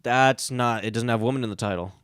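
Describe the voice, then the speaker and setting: A man's voice: medium pitch, quick pace, fairly bright tone, smooth, dry recording. A man hosting a casual podcast chat, laughing often. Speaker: podcast host.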